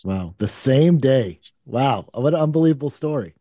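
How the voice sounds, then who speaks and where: A man's voice: mid-range voice, lively intonation, moderate pace, mellow, no echo, clean studio sound. A man hosting an interview, giving short, amazed reactions. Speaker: host. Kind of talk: casual interview.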